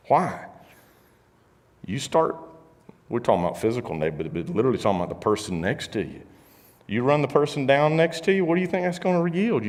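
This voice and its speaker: Guy preaching to a youth crowd, jokey storyteller, big echoey hall, mid pitch. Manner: storytelling, animated, jokey asides. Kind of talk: casual youth sermon. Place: large hall, live service.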